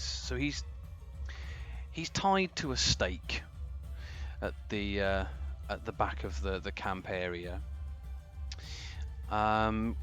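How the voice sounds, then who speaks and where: A man running a tabletop game as game master, describing scenes in an unhurried, hesitant way. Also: lowish voice, a bit bright.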